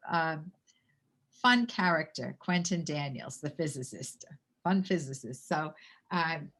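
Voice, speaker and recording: A woman with a voice a little lower than most, co-hosting a relaxed podcast. She reads passages from a novel aloud, then breaks off to comment in plain conversational speech, often correcting herself mid-phrase. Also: takes it slowly. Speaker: co-host reading and discussing a novel. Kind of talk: casual podcast discussion with read-aloud passages.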